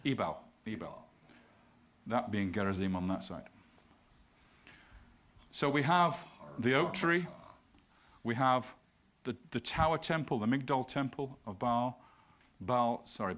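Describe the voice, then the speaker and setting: A man giving an illustrated lecture, explaining slides point by point and reading passages aloud. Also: lowish voice. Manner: reads scripture passages aloud.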